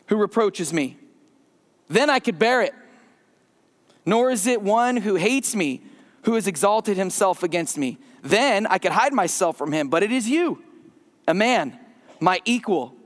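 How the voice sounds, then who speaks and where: A man preaching a conversational sermon as a pastor in a church, slowing and dropping his voice for emphasis. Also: high-pitched, big-room sound. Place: church sanctuary.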